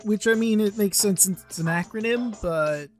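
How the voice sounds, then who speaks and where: A woman's voice: mid-range voice, normal speed, faint music behind. A woman hosting a let's play, chatting wryly and teasing the characters. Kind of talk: casual commentary with character voicing.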